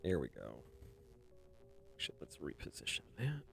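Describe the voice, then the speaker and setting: His voice is extremely low and creaky, unhurried, with huge swings in pitch. This webcomic artist chats casually on his drawing stream, rambling, chuckling, and softly muttering to himself while faint music plays.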